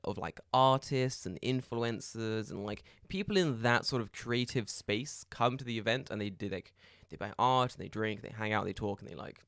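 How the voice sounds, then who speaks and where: A man's voice: fairly low pitch, normal speed, hardly any pauses, clear, resonant tone, no room sound, clean studio sound. A man co-hosting a casual podcast, telling stories with lots of energy, swearing and laughing often. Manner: animated storyteller, swears, laughs a lot. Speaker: podcast co-host. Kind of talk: casual chat.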